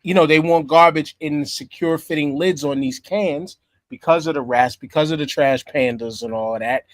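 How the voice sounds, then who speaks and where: A man's voice: on the high side, normal speed, no room sound. A man co-hosting a podcast in casual chat, emphatic and cursing freely, who repeats his points. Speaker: podcast co-host.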